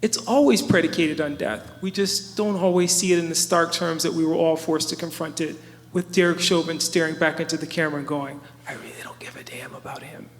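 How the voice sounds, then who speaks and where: A man's voice: on the high side, fairly even intonation, fairly quick. A man speaking on stage with passion, rhetorical and preacherly, building his points in lists. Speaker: panelist at a live storytelling event. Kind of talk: impassioned public speaking. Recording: reverberant hall.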